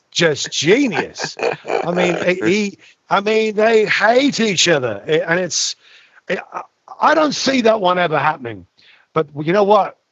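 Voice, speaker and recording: Animated male podcast co-host. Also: fairly high pitch, no echo, muffled recording. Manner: animated, talks over others, frequent restarts. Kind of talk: casual chat.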